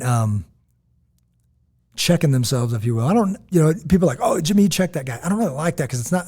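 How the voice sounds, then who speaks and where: An American man co-hosting a podcast, chatting casually and telling stories, acting out quotes in lively voices. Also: mid-range voice. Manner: animated storytelling, quotes others in lively voices. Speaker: podcast co-host. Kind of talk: casual chat.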